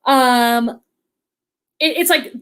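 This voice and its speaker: Speaking very slowly in a smooth, high-pitched voice, a Boston-area woman hosts a casual livestream. She has a slight Boston accent and chats upbeat with her viewers, reading their comments aloud.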